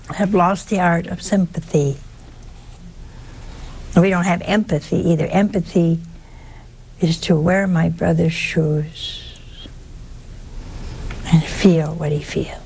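A woman preaches a sermon at an unhurried pace, her voice gravelly with fry. She talks in a folksy way, asking her listeners one question after another and dropping in little exclamations. A faint hum of noise sits behind her. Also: medium pitch, darkish tone.

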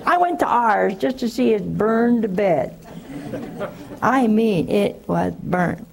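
A religious sister answering a caller on a call-in show, telling stories in a folksy, chuckling way. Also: female voice, medium pitch, lively intonation, slow, gravelly, a little mellow. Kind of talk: call-in advice with storytelling.

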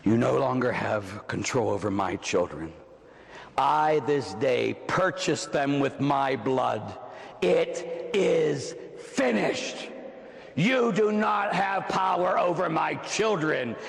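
A man preaching, voicing Jesus on the cross in a slow, hushed, solemn way. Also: mid-range voice, gravelly, in a large hall, voice pushed down.

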